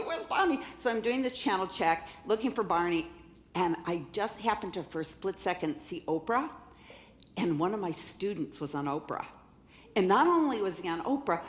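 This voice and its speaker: Woman telling a funny story on stage, laughs a lot, roomy echo. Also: mid-range voice. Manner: animated, laughing, acts out voices in quotes. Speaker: keynote speaker. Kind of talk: storytelling talk to a live audience. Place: conference stage.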